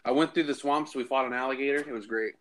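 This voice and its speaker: Man, casual storyteller, animated, mid-pitched voice, acts out other people's lines. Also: fast talker, a little hiss or hum. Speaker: podcast co-host.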